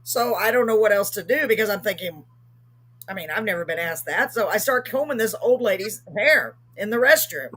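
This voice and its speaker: A woman's voice: medium pitch, lively intonation, fairly quick, fairly bright tone, husky. A woman hosting a live streamed show, telling a story casually and rambling with many ums and self-corrections.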